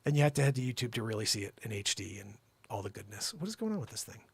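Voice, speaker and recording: A man hosting a comedic livestream, riffing jokily on news stories and breaking into shouts. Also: on the low side, rapid-fire, vocal fry, breathy edge, dry recording. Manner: animated, jokey, breaks into shouting. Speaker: host.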